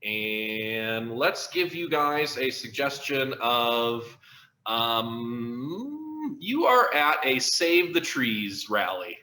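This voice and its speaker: Lively man explaining an improv game. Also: mid-range voice, drawn-out words, reverberant. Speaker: host. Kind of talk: video-call game explanation.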